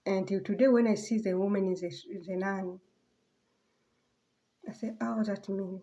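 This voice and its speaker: Soft-spoken woman rambling in a vlog. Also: medium pitch, steady tone, muffled recording. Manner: halting, rambling, many fillers and restarts. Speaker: vlogger. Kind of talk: casual personal vlog monologue.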